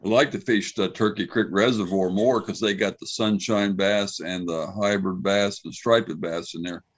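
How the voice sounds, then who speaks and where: A man's voice: deep voice, fairly even intonation, normal speed, lo-fi sound. A man chatting casually about fishing, laid-back as he lists places. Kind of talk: casual chat.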